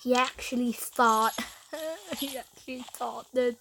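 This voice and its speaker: A woman's voice: fairly high pitch, slow pace, fairly bright tone, a little hiss or hum, rough recording. A woman giving casual, self-mocking commentary while playing a video game, laughing often. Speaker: gaming YouTuber.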